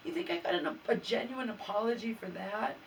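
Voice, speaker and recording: Gravelly woman venting, far off mic. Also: medium pitch, fairly quick, slight background noise. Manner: aggrieved and exasperated, stammering restarts. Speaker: vlogger. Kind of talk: venting personal vlog.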